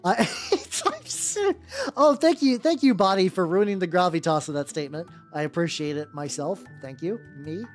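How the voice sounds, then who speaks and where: A man's voice: high voice, lively intonation, normal speed. A man streaming casually while he paints miniatures. He rambles, swears freely and often restarts his sentences. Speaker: VTuber streamer. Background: faint background music.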